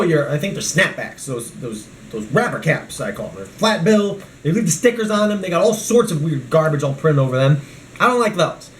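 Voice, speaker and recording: A man talks his way through a toy review vlog, rambling and ranting about whatever comes to mind. His voice sits a bit high and swings widely, with a faint hiss of noise behind it. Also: roomy sound. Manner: rambling and ranting, jumping between topics. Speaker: vlogger.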